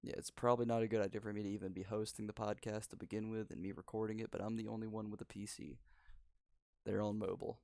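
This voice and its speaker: A man's voice: on the low side, flat delivery, fast, vocal fry, mellow, no echo. A teenage boy hosting a casual podcast chat, rambling and laid-back. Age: teens. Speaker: podcast host. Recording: dry home recording over spotty internet.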